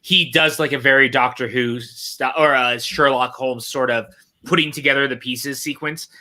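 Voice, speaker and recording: A man's voice: mid-range voice, steady tone, normal speed, sharp tone. A man hosting a casual movie watch-along chat, enthusiastic and teasing, with occasional swearing. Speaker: podcast host.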